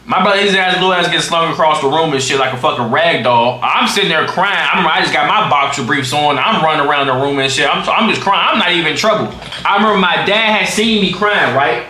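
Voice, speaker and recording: High, bright-voiced young man telling stories. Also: fast talker, roomy sound, a little hiss or hum. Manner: animated, profane storytelling with slang. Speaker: streamer. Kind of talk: livestream storytime.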